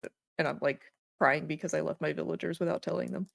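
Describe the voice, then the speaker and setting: Female podcast co-host, low and creaky, lively storyteller who laughs a lot. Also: fast, no room sound, clean studio sound. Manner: animated storytelling, acts out villagers in high squeals; swears casually, laughs often. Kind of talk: casual chat.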